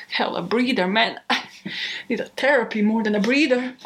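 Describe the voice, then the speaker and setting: A woman's voice: mid-range voice, expressive, a little slow, a bit bright. A young adult woman hosting a true crime show, chatting casually at home in outtakes, rambling and swearing with self-mocking laughs. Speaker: true crime podcast host.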